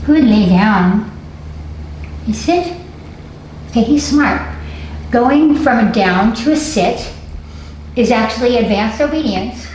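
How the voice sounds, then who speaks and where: A woman dog trainer giving a hands-on lesson, explaining calmly and coaxing the dog with upbeat praise. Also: a little high, unhurried, long pauses. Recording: distant, echoey, faint noise.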